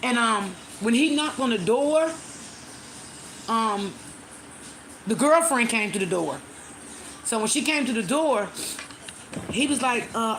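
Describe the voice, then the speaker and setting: Woman host, casual storyteller on a live stream, fairly high voice, light background hiss. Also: animated, unhurried, long pauses, fairly bright tone. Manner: chatty, retells a story with many "um"s and thanks viewers.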